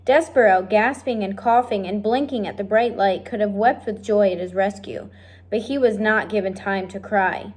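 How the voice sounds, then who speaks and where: A woman reading a children's novel aloud, speaking directly and warmly to her listeners. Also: mid-range voice, moderate pace. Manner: friendly, direct address to listeners. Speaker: reader of a children's book. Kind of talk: read-aloud storytelling.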